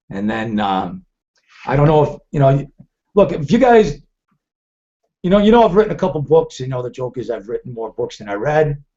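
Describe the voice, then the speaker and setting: A man's voice: mid-range voice, dark tone. A middle-aged man hosting a live trading webcast, telling rambling stories with many restarts. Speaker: trading show host. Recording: dull lo-fi stream audio.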